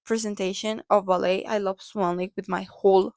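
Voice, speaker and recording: A woman's voice: mid-range voice, flat delivery, moderate pace, creaky, a little mellow, no room sound. A woman vlogger recapping a movie in a casual, gushing way, often saying "like" and "literally" and speaking as a dancer herself. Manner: chatty and gushing, with lots of "like" and "literally"; dancer talking from personal experience.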